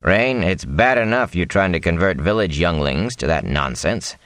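A man reading aloud, voicing a gruff and blunt older woodsman in a storybook. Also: low-pitched, animated, moderate pace, fairly bright tone, no room sound.

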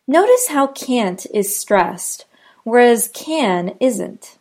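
Slow, careful American woman teacher. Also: a little high, animated, creaky, a little mellow. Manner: slow, careful enunciation of example sentences. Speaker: pronunciation teacher. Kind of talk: scripted pronunciation lesson.

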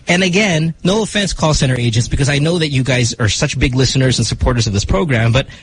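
A Filipino man with a Filipino accent hosting a casual radio talk show, animated, slipping Tagalog into his English and restarting his sentences. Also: mid-range voice, quick pace, background noise. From Philippines. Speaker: radio host.

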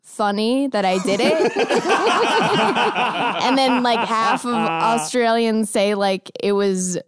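A woman's voice: on the high side, lively intonation, takes it slowly, very noisy. A woman co-hosting a podcast in casual group chat, giggly and self-deprecating. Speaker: podcast co-host.

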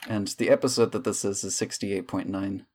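A woman's voice: extremely low pitch, steady tone, normal speed, warm tone, slight background noise. A woman running a tabletop game, chatting casually and joking, swearing freely, recorded on a home microphone. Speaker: dungeon master. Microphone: home microphone, recording over a call.

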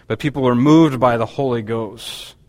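A man's voice: medium pitch, moderate pace, a little mellow, big-room sound. A man preaching a Bible-teaching sermon, explaining a passage with frequent restarts and fillers. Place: church hall.

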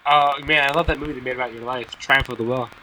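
Sarcastic male co-host with a bright tone who rants and swears in a relaxed chat. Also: mid-range voice, fast, slight background noise, rough recording. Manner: sardonic, profane. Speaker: podcast co-host. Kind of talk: casual chat.

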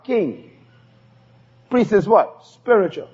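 A man's voice: high-pitched, very animated, unhurried, husky. A man preaching a sermon, emphatic and repeating key phrases for the congregation to say back. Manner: emphatic call-and-response preaching. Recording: dull lo-fi sermon tape.

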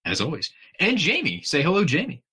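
A man's voice: on the high side, wildly swooping pitch, brisk, bright, forceful tone, husky. A man hosting a movie commentary podcast in casual chat, jokey and giggly. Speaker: podcast host.

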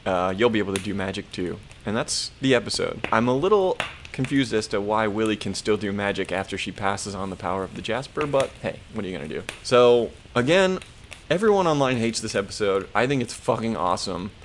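A man co-hosting a podcast, recapping a horror episode in an animated, profane, casual way. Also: fairly low pitch, a little hiss or hum. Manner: animated, profane storytelling with quick put-on voices. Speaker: podcast co-host.

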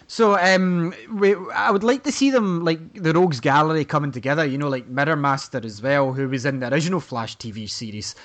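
A man's voice: fairly high pitch, a little fast, few pauses, fairly bright tone. A man, co-hosting a casual fan chat and talking with many fillers. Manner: chatty, hesitant with many fillers. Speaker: podcast co-host.

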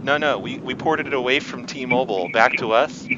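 Deadpan man prank caller, noisy background. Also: mid-range voice, moderate pace. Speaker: prank caller posing as a phone company rep. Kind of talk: prank phone call. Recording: dull sound with clear background noise.

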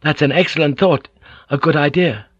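A man's voice: a little high, normal speed, husky, no room sound, pitched above the performer's own voice. A man voicing a tense, stern male samurai officer who speaks in a clipped, insistent way. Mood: friendly. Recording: dull lo-fi audiobook recording.

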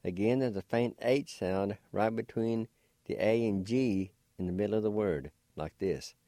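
A man hosting a radio language lesson, slowly spelling words and patiently repeating each pronunciation. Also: lowish voice, mellow, no room sound, clean studio sound. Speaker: language teacher and radio host. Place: radio studio.

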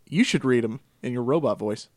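A man co-hosting a gaming podcast, chatting casually and telling animated stories with frequent laughter. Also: mid-range voice, a little fast, no echo, studio quality. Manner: laughs often, animated storytelling. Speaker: podcast co-host. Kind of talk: casual chat about games.

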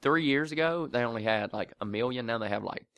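A podcast co-host talks a little fast in a medium-pitched voice, recorded in studio quality without echo. During the casual chat he animatedly tells a story, voicing the people in it and often laughing.

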